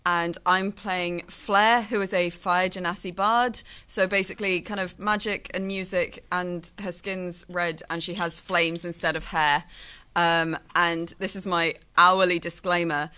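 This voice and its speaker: A woman talks casually at a live tabletop game, introducing her character. Her voice sits low but sounds bright. She talks quickly and laughs lightly. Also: steady tone, clean tone. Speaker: player.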